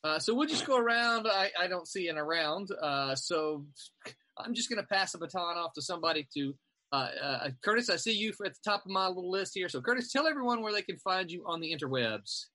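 A man hosts a casual group video call, wandering through announcements with lots of fillers. His voice is bright and forceful and a little high. The sound is dry and close. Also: a little fast, dry recording. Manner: relaxed, rambling, many fillers. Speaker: show host. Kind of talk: casual online group chat.

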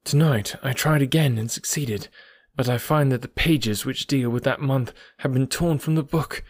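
A man's voice: mid-range voice, normal speed, breathy edge, no echo, lightly acted. An actor reading the part of an anxious young prisoner confessing his story, in an earnest, pleading manner. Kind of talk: audiobook dialogue reading.

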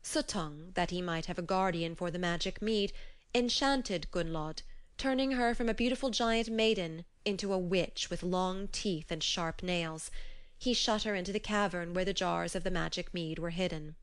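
A woman's voice: lowish voice, moderate pace, clear, resonant tone. Woman reading an old myth aloud. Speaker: narrator. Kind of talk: storybook narration.

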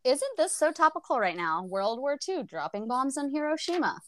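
A woman's voice: sits high, sing-song, moderate pace, no echo. A woman co-hosting a podcast in a casual book chat, laughing often and swearing freely. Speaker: podcast co-host.

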